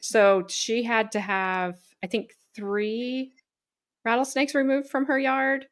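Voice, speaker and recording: A woman's voice: a little high, flat delivery, takes it slowly. A woman chatting on a video call. She laughs along and trails off mid-sentence. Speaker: live-stream co-host. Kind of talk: casual video chat. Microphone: video call webcam.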